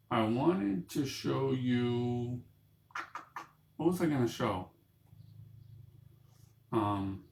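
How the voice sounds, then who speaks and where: Man, slow unhurried delivery, hesitant rambling talk, roomy echo. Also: mid-range voice, fairly bright tone. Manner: rambling, hesitant, many fillers and restarts. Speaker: host of a small broadcast. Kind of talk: casual rambling talk to camera. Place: room full of bookshelves.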